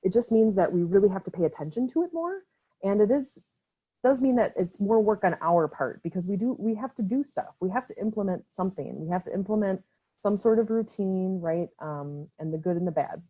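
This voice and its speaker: A woman's voice: mid-range voice, lively intonation, brisk, dark tone. A young woman from Wisconsin with an Upper Midwest accent gives an online training talk for a mental health nonprofit, speaking casually with many fillers and a frequent "right?". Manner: casual, filler-heavy, often tags "right?". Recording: slightly dull lo-fi call audio.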